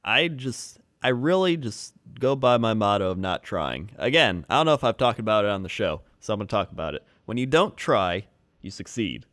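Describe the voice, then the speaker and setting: A young man co-hosting a comedy podcast, explaining things in a goofy, deadpan, mock-serious way. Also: lowish voice, moderate pace, no room sound, studio quality. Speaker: podcast co-host. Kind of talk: casual comedy chat.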